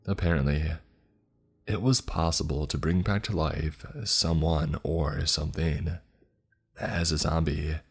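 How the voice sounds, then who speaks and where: A man with an extremely deep, husky voice reads a first-person horror story aloud. He takes his time over each line, keeping an unhurried, measured pace while faint music plays underneath. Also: steady tone.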